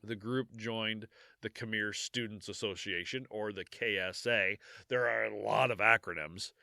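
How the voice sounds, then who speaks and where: A man's voice: on the low side, steady tone, a little slow, vocal fry, bright, forceful tone, dry recording, clean studio sound. A man hosting a history podcast, reading from notes and breaking off for jokey asides with frequent laughter, maybe. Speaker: podcast host.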